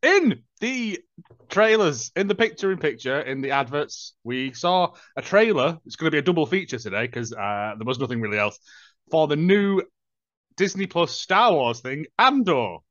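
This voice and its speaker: A man's voice: on the high side, sing-song, normal speed, a bit bright, no room sound, highs cut off. A man co-hosting a casual podcast, teasing and joking in banter. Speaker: podcast co-host. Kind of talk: casual chat.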